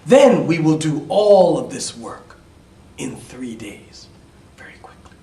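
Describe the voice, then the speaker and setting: A man voicing three odd spinner women from a fairy tale, making a slow, coaxing bargain. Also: sits low, very animated, dark tone, a little hiss or hum, heavily acted. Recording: roomy, distant mic.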